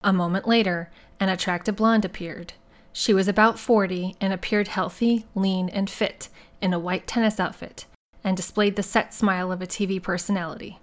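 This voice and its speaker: A woman reading a first-person mystery story aloud in a steady, measured way. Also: medium pitch. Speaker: audiobook narrator. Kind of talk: scripted first-person narration.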